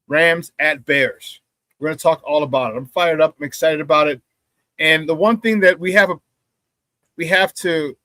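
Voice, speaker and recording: High-voiced animated sports host. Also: male voice, no room sound, studio quality. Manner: animated, laughs easily, greets chat viewers. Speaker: sports talk show host. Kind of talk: casual sports talk show.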